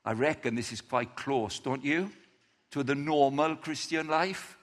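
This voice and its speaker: A man's voice: medium pitch, a little slow. A man preaching a sermon to a gathered audience, telling a story with animation and putting questions to his listeners. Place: meeting room or church, evening. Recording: reverberant hall.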